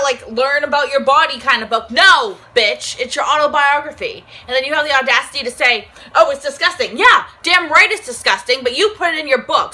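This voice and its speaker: A woman's voice: sits high, sharp tone. A young woman co-host chatting bluntly, incredulous and profane. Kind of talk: casual chat.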